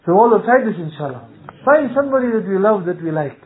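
A man delivers a sermon in a fairly high voice, spinning humorous anecdotes and acting out dialogue. The recording is thin and tinny, like a phone line. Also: expressive, fast. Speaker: Islamic scholar giving a talk.

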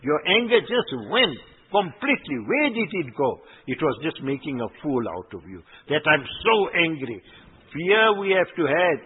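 A man preaching a sermon, exhorting his listeners with rhetorical questions and quickly recited Arabic verses. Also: a little high, very animated, husky. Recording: tinny phone-like audio in a reverberant hall.

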